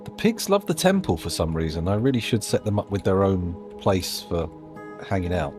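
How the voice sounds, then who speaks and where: A man's voice: low voice, lively intonation, normal speed, music in the background. A man giving casual live-stream commentary while playing a game, rambling, musing aloud and making self-deprecating asides.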